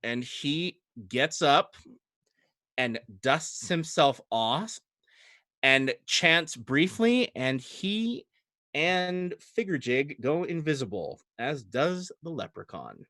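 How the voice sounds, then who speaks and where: A man running a tabletop game as game master, narrating with animated, chuckling energy and frequent hesitations. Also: on the high side, slow, dry recording.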